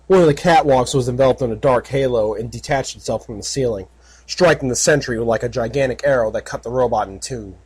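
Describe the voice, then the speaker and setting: Husky man narrating an audiobook. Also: mid-range voice, brisk, darkish tone. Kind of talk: fan fiction audiobook narration.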